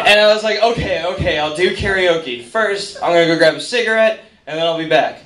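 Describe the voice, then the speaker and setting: A man's voice: high-pitched, brisk, few pauses, a loud crowd. A man telling a self-deprecating comic story on stage in a bar, quoting people in voices, with the audience laughing. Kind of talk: live stand-up storytelling. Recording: roomy, distant mic, noisy bar.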